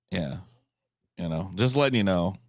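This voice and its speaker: A man's voice: deep voice, gravelly, dry recording, clean studio sound. A man from the United States chatting casually on a live stream, blunt and rambling, with frequent swearing.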